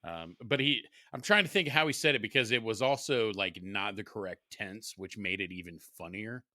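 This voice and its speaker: A man's voice: lowish voice, moderate pace, sharp tone, no room sound, clean studio sound. A middle-aged man and father co-hosting a casual podcast, laughing often and swearing freely. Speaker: podcast co-host. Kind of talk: casual chat.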